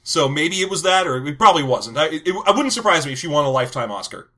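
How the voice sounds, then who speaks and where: A man with a bright, ringing voice, pitched a little high, talks through a film in loose, jokey podcast chat. He laughs often between points. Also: expressive, fast. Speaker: podcast co-host. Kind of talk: casual movie discussion.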